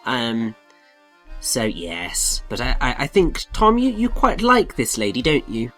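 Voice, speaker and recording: Lively, rambling male co-commentator. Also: medium pitch, unhurried, faint music behind. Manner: rambling, explains at length. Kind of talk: casual game commentary.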